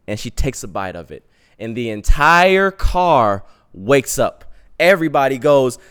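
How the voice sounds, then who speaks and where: Smooth-voiced male podcast storyteller. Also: mid-range voice, moderate pace. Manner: animated, slangy storytelling. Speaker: podcast host.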